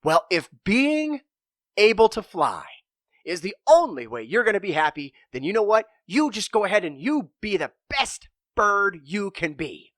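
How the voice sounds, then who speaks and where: A man's voice: high-pitched, big pitch swings, a little slow, a bit bright, dry recording, studio quality, heavily acted. A man voicing good-hearted rhino friends who speak in a folksy, encouraging way.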